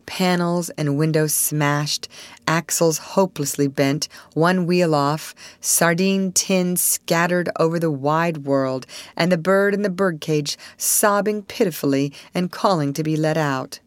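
A woman narrating a classic storybook aloud in an expressive, measured way. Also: sits low, dry recording.

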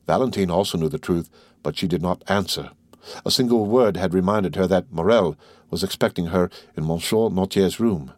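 A man narrating a classic novel as an audiobook in a steady, measured way. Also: low-pitched, no echo, studio quality.

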